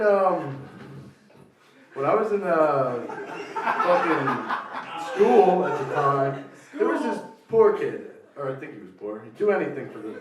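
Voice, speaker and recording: A man doing a crude, deadpan stand-up comedy set at a live show. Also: a little high. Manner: deadpan, crude, slips into shouted put-on voices for quoted people. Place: live show venue with audience laughter. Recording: echoey room, mic heard from a distance.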